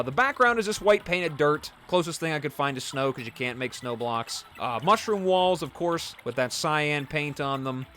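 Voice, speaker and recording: Animated, jokey man narrating gameplay. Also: fairly high pitch, a little hiss or hum. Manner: animated, self-deprecating and jokey. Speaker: let's play host. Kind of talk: casual gameplay commentary.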